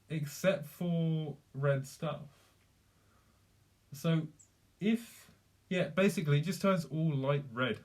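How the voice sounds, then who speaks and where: A young man chatting casually on a live stream, rambling with many fillers and restarts. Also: a little high.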